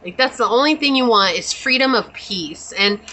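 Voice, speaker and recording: A woman's voice: a little high, lively intonation, normal speed, bright, forceful tone, a little hiss or hum, poor audio. A woman doing a pick-a-card tarot reading, talking in a chatty, reassuring, spiritual way with many casual fillers. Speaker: tarot reader.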